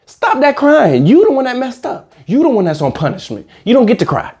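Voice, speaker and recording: A man ranting in a comedic reaction commentary, animated, slangy and profane. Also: very high voice, brisk, husky.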